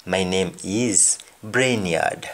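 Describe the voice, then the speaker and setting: A man with a Jamaican accent teaching a language lesson, repeating each phrase slowly and then translating it. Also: deep voice, fairly bright tone. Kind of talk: slow spoken language lesson.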